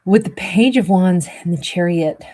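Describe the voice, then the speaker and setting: A woman with a husky, breathy voice, pitched a little low, reads tarot cards to her viewers. She rambles loosely through the reading, padding it with fillers, and a wheeze runs under her breath. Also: moderate pace, warm tone. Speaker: tarot reader.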